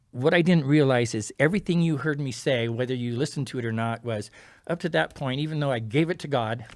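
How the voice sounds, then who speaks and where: A man, a guest on a talk show, tells a personal story in a lively way, acting out the other people's lines and dropping to a hush at key moments. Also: medium pitch, fairly quick, hardly any pauses. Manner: animated, acts out quoted dialogue; drops to a quiet, hushed tone at key moments. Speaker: podcast guest. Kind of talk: storytelling in casual interview.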